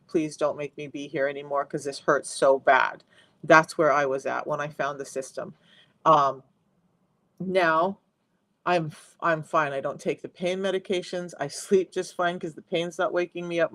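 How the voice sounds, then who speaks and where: Speaking into a close phone mic, a man who works as a health coach makes a live-stream sales pitch woven with his own testimony. He addresses viewers directly, chatty and emphatic. The recording is dry, and his tone is fairly bright.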